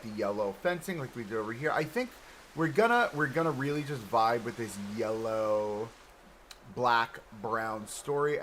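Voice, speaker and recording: A man's voice: mid-range voice, a bit bright, slight background noise, low-quality recording. A man hosting a casual live stream while playing a game, chatting in an easygoing, self-deprecating way and laughing often, close to a desk microphone at home. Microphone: desk microphone close in front.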